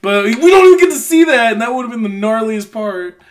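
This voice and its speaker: A man's voice: very high voice, animated, fast talker. A man co-hosting a casual movie recap chat, swearing often and laughing as he mocks the plot. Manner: profane, laughing, mocking. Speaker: podcast co-host.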